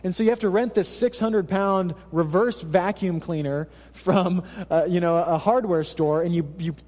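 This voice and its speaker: A man with a high voice delivers a sermon, chatting with the congregation and joking along the way. His voice rings with the long reverb of a church hall. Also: normal speed, darkish tone. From Alaska. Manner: conversational, humorous preaching with asides to the congregation. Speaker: pastor.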